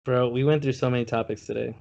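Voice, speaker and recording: A man's voice: medium pitch, steady tone, quick pace, creaky, a little mellow, highs cut off. A man on a podcast, chiming in with short quips and reactions. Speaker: podcast co-host. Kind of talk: casual chat.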